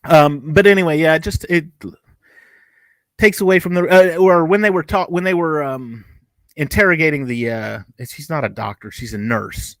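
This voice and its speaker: A man's voice: fairly high pitch, normal speed, a bit bright, dry recording. Man co-hosting a show review, loose chat, lots of tangents, dry mic. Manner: rambling, chatty, with frequent restarts and asides. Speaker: podcast co-host reviewing TV episodes.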